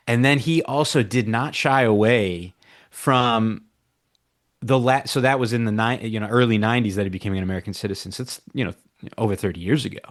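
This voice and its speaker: Casting: man, mid-range voice, reflective radio panelist who thinks aloud. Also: medium pitch. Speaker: reporter guest. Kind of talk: radio talk show discussion.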